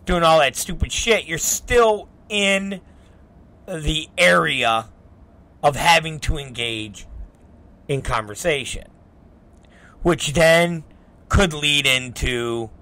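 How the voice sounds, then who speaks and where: A man hosting a talk show, telling a profane story in animated, rambling fashion and acting out both sides of arguments. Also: fairly high pitch. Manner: animated, profane, quotes people in quick back-and-forth. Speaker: podcast host.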